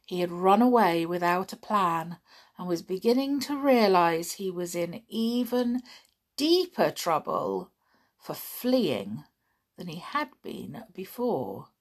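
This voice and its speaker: A woman reading a children's story aloud, dramatic and expressive, swinging from hushed whispers to loud cries. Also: on the low side, measured pace. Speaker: audiobook reader.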